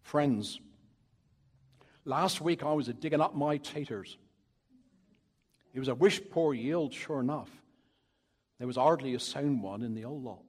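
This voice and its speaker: A man doing a devout old Cornish countryman, telling his tale in thick rustic dialect. The voice is husky and breathy, and it rings out with a long echo through a big church hall. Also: medium pitch, a little slow, long pauses. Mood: earnest, indignant. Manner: folksy, earnest storytelling in rustic dialect. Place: church during a service. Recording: long reverb of a large hall.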